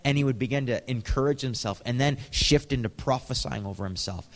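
A man's voice: mid-range voice, fairly quick. American preacher man in an echoing hall. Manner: conversational, chuckles often, acts out dialogue. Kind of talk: storytelling sermon.

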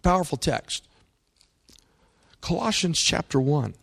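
A man preaching a sermon, his voice sitting a little high and moving with lively swings of pitch. He builds to loud, emphatic peaks and keeps asking his congregation questions. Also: slow pace, creaky. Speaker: pastor.

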